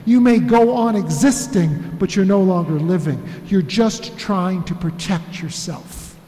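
A man preaching a sermon as pastor, emphatic, repeating phrases and slowing for weight. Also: sits high, dark tone. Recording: echoey hall with long reverb.

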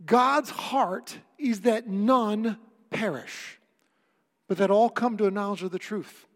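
A man's voice: high-pitched, slow pace. A male pastor preaching a sermon, earnest and emphatic, with wry asides to the congregation. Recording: long reverb of a church hall.

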